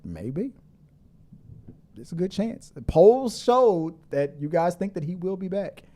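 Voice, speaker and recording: A man's voice: sits high, very animated, slow pace, warm tone. A middle-aged man hosting a casual movie news livestream, rambling and laughing as he reads out viewer comments. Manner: rambling, chatty, laughs a lot, with frequent restarts.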